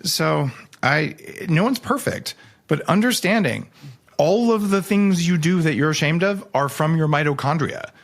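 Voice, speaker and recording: Animated man telling stories on a podcast. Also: a little slow, gravelly. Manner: animated, jokey storytelling with sudden pitch jumps. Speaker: guest author. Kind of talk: casual podcast conversation.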